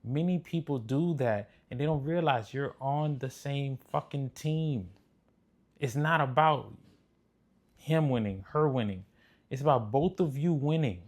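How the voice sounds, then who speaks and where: Man, middle pitch, blunt, preachy, profane, relationship commentary. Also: a little slow. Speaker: relationship commentator reacting to clips. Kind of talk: casual commentary.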